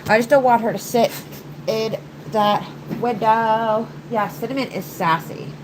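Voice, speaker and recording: A woman's voice: a little high, measured pace, noisy background. A congested woman, chatting casually to viewers while she livestreams her nail art from her work desk. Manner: chatty, rambling, talks to viewers and her pets. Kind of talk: casual livestream chat while doing nails.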